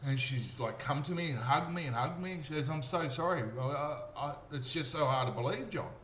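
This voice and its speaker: An Australian man telling a story in a casual monologue, animated and acting out the voices of the people he quotes. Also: fairly high pitch, brisk. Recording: echoey room with faint hum.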